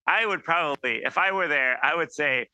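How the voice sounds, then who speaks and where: A man giving an informal sermon, animated and acting out quoted voices, with many restarts. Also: fairly high pitch, normal speed, clean tone, dry recording. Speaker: preacher.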